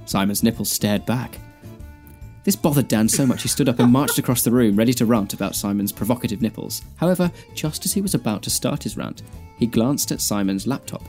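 A man of middle pitch co-hosts a casual podcast, reading a daft fan fiction aloud and cracking up as he goes. Faint music sits under his voice. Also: lively intonation, brisk, a little mellow. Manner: laughing through comic lines. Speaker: podcast co-host.

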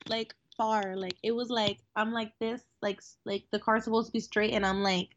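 A woman co-hosting a podcast in casual chat, slightly raspy from asthma, telling stories with giggles. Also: a little high, moderate pace, few pauses, muffled recording, slight background noise. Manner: giggly, animated storytelling. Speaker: podcast co-host.

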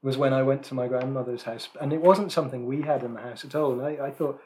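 A man's voice: mid-range voice, fast, hardly any pauses, darkish tone, a little hiss or hum. Chatty man co-hosting a podcast. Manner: chatty, self-deprecating, frequent restarts and fillers. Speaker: podcast co-host. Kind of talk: casual podcast chat.

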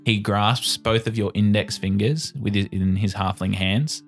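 A man running a tabletop game as game master, narrating scenes and speaking for the figures in a measured, formal way. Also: fairly low pitch, steady tone, soft background music.

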